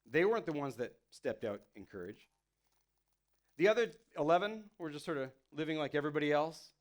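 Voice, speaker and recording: A man's voice: on the high side, lively intonation, a little fast. A man giving a casual, conversational sermon as a pastor, full of "you know" and "like", playfully acting out the people in his story. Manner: playfully acts out the people he quotes.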